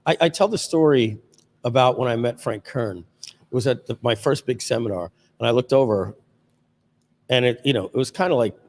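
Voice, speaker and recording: A man hosting a casual livestream chat, telling anecdotes in an animated way and laughing often. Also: mid-range voice, fairly quick, in a large hall. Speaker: host.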